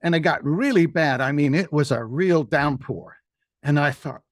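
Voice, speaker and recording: Older guy rambling thru an old story, slightly high voice, dry close mic. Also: normal speed, no room sound. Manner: rambling, folksy. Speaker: guest. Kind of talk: personal storytelling.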